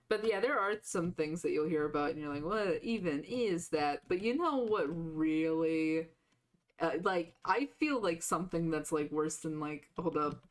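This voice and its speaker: A woman streaming a game live, chatting casually with a sore throat that lowers her voice, rambling with lots of "like" and restarts. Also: expressive, measured pace. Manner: rambling, full of "like" fillers and restarts.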